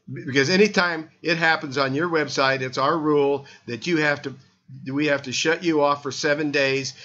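A man's voice: mid-range voice, fairly bright tone, muffled recording. An older man hosting a health talk show, chatting casually and rambling with many restarts and fillers.

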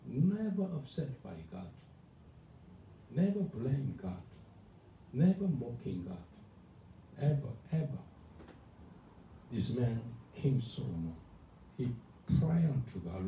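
Animated pastor in an echoey room. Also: male voice, medium pitch, takes it slowly, long pauses. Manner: animated, emphatic, calls for responses. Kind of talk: sermon. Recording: echoey room from far off, faint noise.

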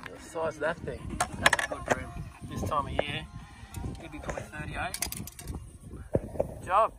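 Aussie fishing guide yelling tips to clients, kinda high voice, windy boat noise behind him. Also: male voice, normal speed. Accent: Australian. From Australia. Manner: excitable, coaching clients with repeated shouted instructions. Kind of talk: casual on-the-water commentary. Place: outdoors on a small boat on a river. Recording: outdoor wind and boat noise.

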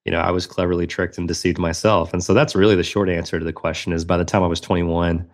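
A man's voice: deep voice, little pitch movement, fast talker. A man in his thirties, a podcast guest telling a personal story in an earnest, reflective way.

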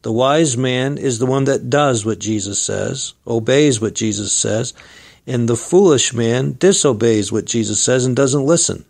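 A man's voice: mid-range voice, measured pace, creaky, a little mellow. A man preaching an earnest sermon, exhorting his listeners and reading scripture aloud. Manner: earnest, exhorting, addresses listeners as friend and folks.

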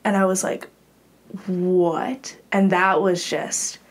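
A woman's voice: medium pitch, steady tone, normal speed. A young adult woman, a college gymnast, telling a candid personal story as a podcast guest in an earnest way, with many fillers.

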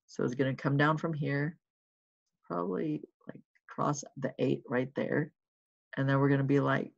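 A math teacher records a lesson, working through problems aloud in a casual, reassuring way and checking in with listeners as the writing goes along. The voice sits in a middle pitch with a gravelly edge. The recording is slightly muffled and lo-fi. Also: little pitch movement, normal speed. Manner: encouraging and reassuring.

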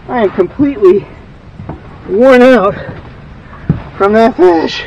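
Breathless, excitable fishing man outdoors. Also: high voice, takes it slowly, vocal fry, pauses often, recorded from a distance, slight background noise, rough recording. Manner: excitable, exclaiming, laughing often. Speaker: fishing channel host. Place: outdoors on a lake, in a boat.

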